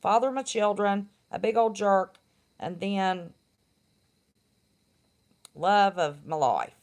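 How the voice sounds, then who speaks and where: A woman's voice: mid-range voice, slow pace. A middle-aged woman, chatting casually and bluntly on her live stream and laughing often. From West Virginia.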